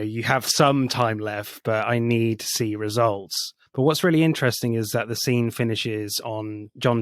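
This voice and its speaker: A man's voice: mid-range voice, dry recording, studio quality. A man co-hosting a film podcast, going through a movie's scenes in a casual, analytical way. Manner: analytical, retells scenes at length. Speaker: podcast co-host.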